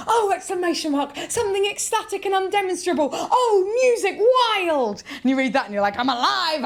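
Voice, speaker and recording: Animated woman doing stand-up. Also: fairly high pitch. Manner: animated, exclaiming, self-mocking. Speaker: stand-up comedian. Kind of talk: stand-up comedy. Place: theatre stage.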